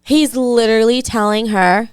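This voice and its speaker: A woman's voice: on the high side, smooth, no room sound, studio quality, soft background music. A young woman from Staten Island, telling a dating story on a podcast and acting out the people in it. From Staten Island, New York. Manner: animated, acts out the people in her story with quick voice shifts. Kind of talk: casual storytime chat.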